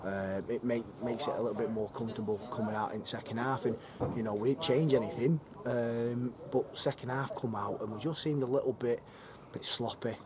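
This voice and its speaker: A man's voice: mid-range voice, fairly quick, hardly any pauses, a crowd in the background. A man, a football club manager giving a frank, rambling post-match interview outdoors on a freezing night, swearing casually. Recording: noisy outdoor ambience.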